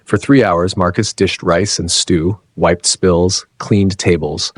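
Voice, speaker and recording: Deep, husky male story narrator. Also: fairly even intonation, no room sound. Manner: measured, dramatic short phrases.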